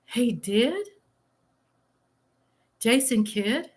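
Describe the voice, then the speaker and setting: Talking very slowly with a breathy edge, this middle-aged woman has a slightly high voice and lively intonation. She hosts a casual live stream, eating and exclaiming as she reads viewer comments aloud.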